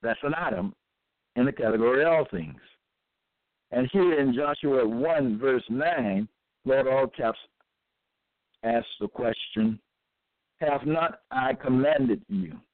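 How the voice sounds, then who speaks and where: Slow, deliberate man on a tinny line. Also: mid-range voice, no echo. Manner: deliberate, repetitive, halting. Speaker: self-styled religious teacher. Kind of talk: slow scripture reading with commentary. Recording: tinny phone-like dry recording.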